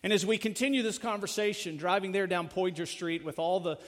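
A man preaching a sermon as pastor, earnest, rising in force and then dropping to a hushed close. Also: high voice, a little fast. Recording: long hall reverb.

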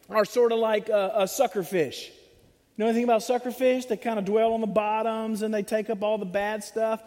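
A man with a high voice preaches a sermon, animated and full of humor, slipping into the voices of other people. His voice rings with the long reverb of a church sanctuary. He talks plainly and directly to the congregation.

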